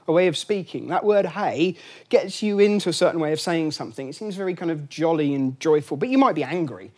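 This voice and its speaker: Chatty man giving a lecture. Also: high voice. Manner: chatty, many fillers and restarts, wry asides. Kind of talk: lunchtime lecture. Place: lecture room.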